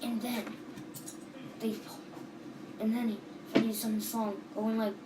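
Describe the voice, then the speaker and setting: A woman's voice: a little high, flat delivery, takes it slowly, very noisy. A woman casually retelling a dream, rambling and restarting with lots of "and then", on a home recording. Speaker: storyteller.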